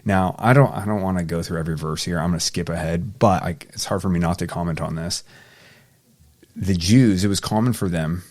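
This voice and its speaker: Deep-voiced man explaining scripture casually. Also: brisk, darkish tone. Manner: reads scripture then paraphrases casually. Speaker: Bible teacher. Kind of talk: casual Bible study walkthrough.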